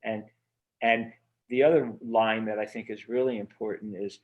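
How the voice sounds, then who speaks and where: A man's voice: fairly low pitch, fairly even intonation, normal speed. A man being interviewed as an author, talking in an earnest, rambling way with many fillers and restarts over a remote video call. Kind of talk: casual interview conversation.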